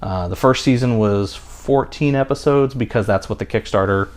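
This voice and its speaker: A man's voice: on the low side, normal speed. A man in his thirties co-hosting a podcast in casual chat, rambling with many fillers and restarts. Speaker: podcast co-host.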